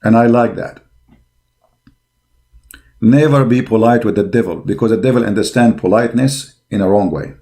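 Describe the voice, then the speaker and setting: A man's voice: fairly low pitch, normal speed, pauses often, warm tone. A man giving a combative religious monologue, blunt and scornful, speaking emphatic English with broken grammar. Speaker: religious polemic commentator.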